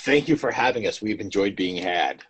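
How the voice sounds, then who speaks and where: A man's voice: lowish voice, expressive, normal speed, a little hiss or hum. A man in a podcast interview, playful and goofy, rambling through jokes. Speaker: interview guest. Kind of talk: joking podcast chat.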